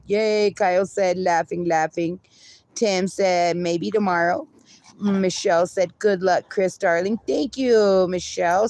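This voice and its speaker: Woman on a livestream reading chat out loud, laughs a lot, swears, slow easy pace, dry close sound. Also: mid-range voice, no echo. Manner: reads viewer comments aloud, laughs often, swears casually. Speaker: livestream host.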